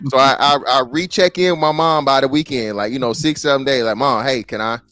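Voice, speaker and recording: A man's voice: mid-range voice, brisk, a bit bright, clean tone, no room sound. A man co-hosting a podcast, telling a story in casual chat, swearing freely and acting out the people he quotes. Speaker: podcast co-host. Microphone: studio microphone.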